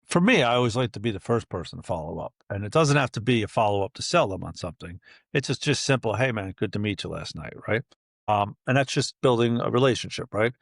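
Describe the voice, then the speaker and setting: A man's voice: mid-range voice, fast, gravelly, no room sound, clean studio sound. A middle-aged man, a chatty guest on a podcast who tells stories and acts out the dialogue. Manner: chatty, animated storyteller acting out dialogue. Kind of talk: casual interview talk.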